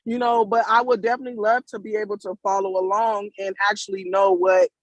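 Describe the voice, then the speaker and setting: A woman's voice: mid-range voice, little pitch movement, fast talker, dry recording. Emotional grateful woman on a video call. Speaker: caller. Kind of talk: casual testimony on a video call. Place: at work.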